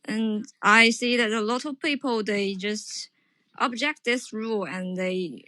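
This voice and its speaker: A woman whose first language is Chinese calls in to practice English. She speaks slowly and hesitantly, filling pauses with ums and uhs. The sound is dry, with no room echo. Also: medium pitch, pushed and bright. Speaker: caller. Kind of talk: casual English practice chat.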